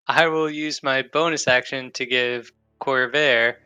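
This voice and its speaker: Man, player, slow pace, sharp tense voice, dry sound, laid-back game chat. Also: medium pitch, steady tone, clear, resonant tone, no room sound. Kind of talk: casual tabletop game chat.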